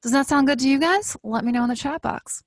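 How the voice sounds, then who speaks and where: A woman hosting a live webinar, pitching with upbeat, hyped energy and talking straight to her viewers. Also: quick pace, no room sound. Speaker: webinar host.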